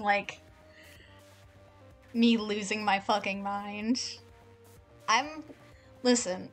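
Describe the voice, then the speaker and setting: A woman streaming a game live, chatting in an excitable, rambling way and swearing a lot. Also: medium pitch.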